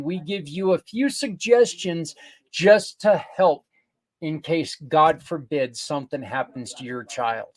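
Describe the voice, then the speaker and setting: Earnest rambling older man, higher voice. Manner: earnest, rambling, with self-corrections. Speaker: podcast host. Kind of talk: casual promotional talk.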